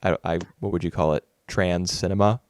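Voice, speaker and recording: A man's voice: deep voice, fairly even intonation, a little fast, a little mellow, clean tone, no room sound, clean studio sound. A man co-hosting a casual film podcast, thoughtful and rambling with many fillers and restarts. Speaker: podcast co-host. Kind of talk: casual film review chat.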